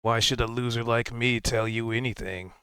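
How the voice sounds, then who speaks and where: A man's voice: medium pitch, steady tone, normal speed, a bit bright, clean tone, dry recording, studio quality, natural voice. A man voicing a proud, standoffish male minotaur fighter in a tabletop game, speaking in curt, boastful lines. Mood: taunting.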